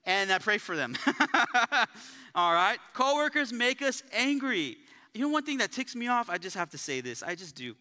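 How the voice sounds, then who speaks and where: Lively high-voiced pastor preaching. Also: male voice, normal speed. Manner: energetic, conversational, tells jokes and stories. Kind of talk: sermon. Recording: live church sanctuary with long reverb.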